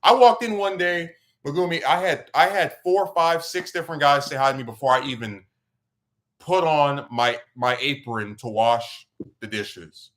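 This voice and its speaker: A man hosting a podcast tells a rambling story in casual chat, his voice on the high side at a moderate pace. He's animated, and his voice jumps up when he gets worked up.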